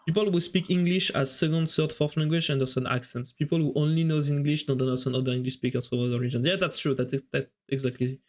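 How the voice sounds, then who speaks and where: A French-accented man, a native French speaker working as an esports caster and streamer, gives chatty live commentary on a strategy game while responding to viewers. His voice is slightly high and steady, and he thinks out loud, reacting quickly to the match.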